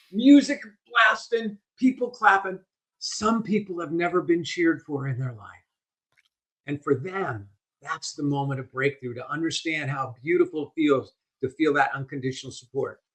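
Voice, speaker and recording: An older man, a guest on a podcast interview, telling stories in an animated, vivid way. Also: on the high side. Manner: animated storyteller, vivid delivery. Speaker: guest speaker.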